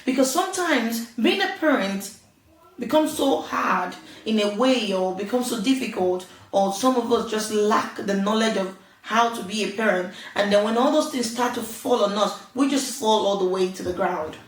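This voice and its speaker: A parenting vlogger, a woman, offers casual advice in an earnest, chatty way, laughing often and acting out little quoted exchanges. She has a mid-range voice at normal speed, recorded with roomy echo and from a distance from the mic.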